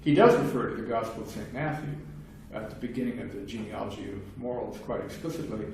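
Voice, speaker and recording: A man's voice: on the low side, quick pace, creaky, a little mellow. A man giving a conversational academic lecture on philosophy, explaining at length with wry, casual asides. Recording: very echoey room, distant mic, faint noise.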